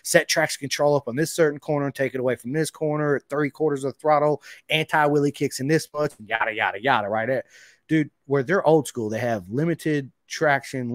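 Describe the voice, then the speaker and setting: A man hosting a podcast, chatting casually and excitably, dropping "dude" and "man" throughout. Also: medium pitch, no room sound, studio quality. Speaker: podcast host. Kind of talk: casual interview chat.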